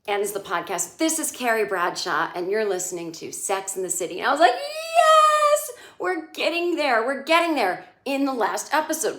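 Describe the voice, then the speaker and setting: A woman's voice: a little high, sharp tone. Sarcastic woman ranting about a show. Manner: sarcastic ranting, mocking quoted lines in put-on voices. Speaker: comedian recapping a TV episode. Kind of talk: casual comedic monologue. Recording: echoey room.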